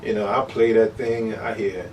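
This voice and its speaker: Animated storytelling man, a bit off-mic. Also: on the low side, normal speed, distant mic, slight background noise, poor audio. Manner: animated, repeats "you know what I'm saying". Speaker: human beatboxer, interview guest. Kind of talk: casual interview storytelling.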